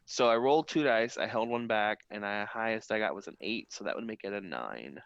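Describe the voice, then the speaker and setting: This man, playing a tabletop role-playing game in casual conversation, has a fairly low, slightly bright voice and speaks a little fast and animatedly. He's thoughtful yet hesitant, with lots of restarts, and the audio is dull with no room sound.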